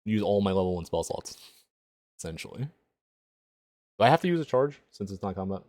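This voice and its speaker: A man's voice: low-pitched, lively intonation, moderate pace, darkish tone, dry recording. A man playing a tabletop game, blunt and profane, grumbling about his choices. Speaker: player.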